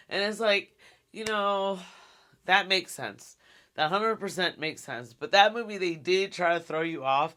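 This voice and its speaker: A man's voice: on the high side, moderate pace, sharp tone, clear, resonant tone. A man rambling casually and frankly as he reviews horror films, swearing and laughing along the way. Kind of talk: casual film review monologue.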